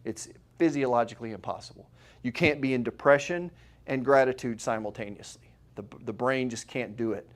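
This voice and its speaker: A man's voice: mid-range voice, fairly quick. A middle-aged man, a chiropractor, giving a live seminar talk to an audience in a room, conversational and full of rhetorical questions.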